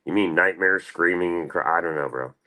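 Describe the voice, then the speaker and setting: A man's voice: deep voice, fairly quick, bright, forceful tone. A man hosting a casual livestream, rambling and swearing as he answers chat. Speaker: livestream host.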